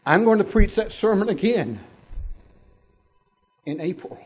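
A middle-aged pastor from Georgia telling his own story in a sermon, with dramatic pauses and soft asides. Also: high voice, lively intonation, husky, lo-fi sound. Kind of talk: sermon testimony.

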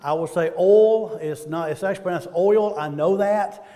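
A man's voice: a little high, fairly quick, darkish tone, in a large hall. A man with a Southern American accent preaching a sermon in a church, talking conversationally and asking the congregation questions.

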